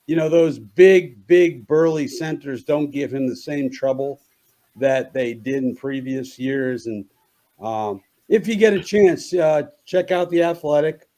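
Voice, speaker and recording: A man with a hoarse morning voice, guesting on a sports talk radio show and giving opinionated takes with frequent restarts. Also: on the high side, measured pace, warm tone.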